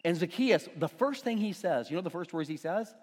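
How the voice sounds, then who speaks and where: A man's voice: high-pitched, fairly quick, slightly rough. A man preaching a sermon in a church, talking conversationally and joking with the congregation. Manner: animated, conversational preaching with playful asides to the congregation. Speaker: pastor. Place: church sanctuary. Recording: long reverb in a big room.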